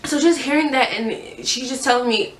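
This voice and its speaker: A young woman telling her own story in a halting, earnest way, restarting her sentences often. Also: high-pitched, fairly bright tone. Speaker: vlogger sharing a personal story. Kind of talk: candid personal testimony. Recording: echoey room, mic at a distance.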